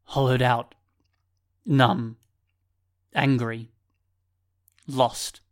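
A man voicing a shaken young man with a rough, strained voice who speaks slowly and heavily. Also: mid-range voice, flat delivery. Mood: hollow.

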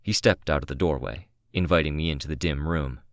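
A man narrating a novel in the first person, calm and measured, close to the microphone. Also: very deep voice, no echo. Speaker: audiobook narrator.

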